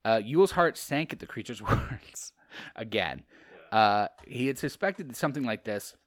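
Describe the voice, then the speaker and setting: A man's voice: medium pitch, animated, normal speed. A man hosting a podcast, casually reading aloud and commenting with profanity and frequent laughter. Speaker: podcast host. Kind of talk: comedic read-along with commentary.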